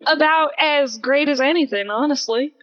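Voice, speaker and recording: A woman playing a tabletop game, playful and animated. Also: high voice, moderate pace. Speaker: player. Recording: dull sound with hall reverb.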